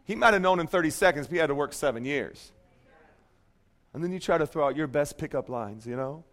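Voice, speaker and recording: A man's voice: a little high, fairly quick. A man preaching a sermon in a church, telling a story with jokes and playful asides to the congregation. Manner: joking, animated storytelling. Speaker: pastor.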